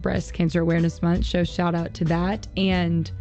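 A woman's voice: lowish voice, little pitch movement, normal speed, dark tone, faint music behind. A woman co-hosting a radio show, chatty and upbeat. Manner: chatty, upbeat, listing national days. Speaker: co-host. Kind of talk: casual radio show chat.

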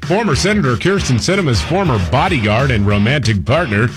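A man's voice: mid-range voice, lively intonation, fairly quick, music in the background. A man co-hosting a talk show, reading the day's top stories with dry, laid-back asides. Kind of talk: casual talk show chat.

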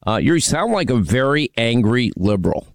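A man's voice: mid-range voice, big pitch swings, moderate pace, gravelly, no room sound. A man hosting a call-in radio show, needling and mocking a caller in a brash, combative way. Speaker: radio talk show host. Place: radio studio.

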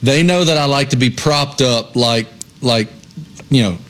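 A man co-hosting a sports talk show in a studio, giving his views in a measured way. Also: mid-range voice, a bit bright. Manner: measured, thinks aloud with opinions.

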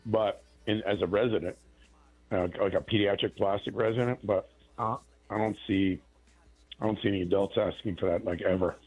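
A husky-voiced man, a plastic surgeon, explains cosmetic procedures in a loose, conversational way. He restarts his sentences often and keeps it plain. Faint music plays underneath. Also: lowish voice, fairly even intonation, normal speed, darkish tone, dull audio. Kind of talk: casual radio chat.

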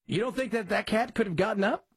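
Husky-voiced male talk radio host. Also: fast talker, dry recording. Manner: conversational, rambling, jumps up in pitch for emphasis. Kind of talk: casual talk radio commentary. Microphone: studio mic.

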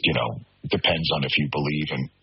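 Gravelly, husky man on a lo-fi call. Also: rumbling low, brisk, no echo. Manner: rambling, with many fillers. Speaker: sports talk host calling in. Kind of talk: casual chat. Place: hallway of a shopping building. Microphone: remote call with weak signal. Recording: dull lo-fi remote call audio.

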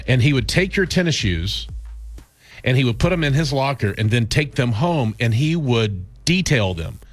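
A man co-hosting a radio show, chatting loosely and rambling through a story with plenty of ums and uhs. His pitch sits in the middle, and a faint music bed plays behind him. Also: lively intonation, moderate pace, no room sound. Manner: rambling storyteller with many fillers. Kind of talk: casual morning-show banter.

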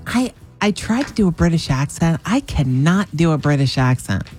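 A woman co-hosting a radio morning show, quick and self-deprecating. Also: deep voice, sing-song, a little mellow, soft background music. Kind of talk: casual banter.

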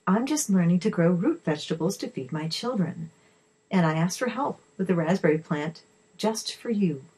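A woman's voice: fairly low pitch, expressive, a little slow, a little mellow, husky, full character voice, poor audio. A woman voicing an earnest, kind mother who is new to gardening, speaking eagerly. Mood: apologetic.

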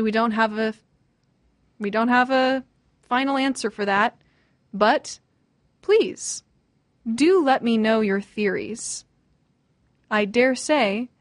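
A woman's voice: mid-range voice, no room sound, clean studio sound. A woman in her twenties hosting a radio show, chatting casually and giggling as she reads listener messages. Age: 20s. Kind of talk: casual storytelling chat.

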